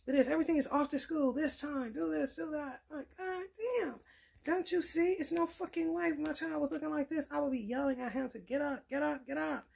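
A woman's voice: high-pitched, fairly even intonation, fairly quick, vocal fry, few pauses, a little mellow. A woman giving a blunt, profane, preachy casual tarot reading. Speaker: tarot reader.

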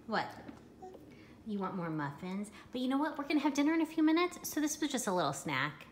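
A woman's voice: fairly high pitch, very animated, brisk, reverberant, a little hiss or hum. A mother in her home kitchen filming her toddler, talking to him in a playful, coaxing sing-song. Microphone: handheld camera taping.

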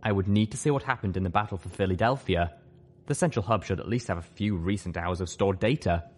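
Man, audiobook narrator, lowish voice, steady measured delivery. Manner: steady, measured, first-person storytelling. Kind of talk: audiobook narration of fan fiction.

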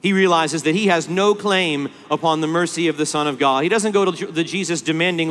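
Male conference preacher, high-pitched and impassioned, hall reverb. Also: brisk, hardly any pauses. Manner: impassioned, swings from hushed to pleading. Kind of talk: sermon.

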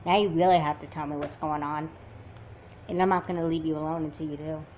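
A woman's voice: low-pitched, fairly even intonation, fast, darkish tone, muffled recording, slight background noise, close to an everyday voice. A woman voicing a confident, self-assured teenage twin sister who takes charge in an amateur doll movie. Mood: determined. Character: confident, bossy teen twin sister with a plan.

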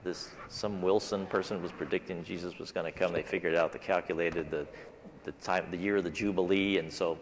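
Low-voiced man teaching in a church hall. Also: steady tone, fairly quick, slight background noise. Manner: conversational, talks things through with the class. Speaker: Sabbath School teacher. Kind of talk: casual Bible class discussion. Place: church classroom.

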